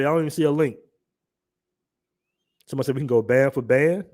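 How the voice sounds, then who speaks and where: A man's voice: mid-range voice, expressive, brisk, pauses often, a little mellow. A young man from the southern United States with an African American Vernacular English accent, hosting a livestream in loose, joking talk full of slang and reading the chat aloud. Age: young adult. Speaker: livestream host.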